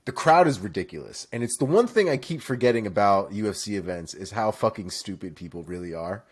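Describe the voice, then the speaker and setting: Animated man telling a rowdy story. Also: lowish voice, brisk, breathy edge. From Florida. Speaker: co-host. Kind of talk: casual chat.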